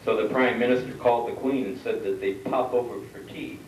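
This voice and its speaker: A man acting as emcee at a family reunion, telling long jokes in a measured storyteller's way with drawn-out punchlines. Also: mid-range voice, fairly even intonation, darkish tone, a little hiss or hum. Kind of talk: joke telling to a crowd. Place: reunion gathering hall. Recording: roomy hall from far off.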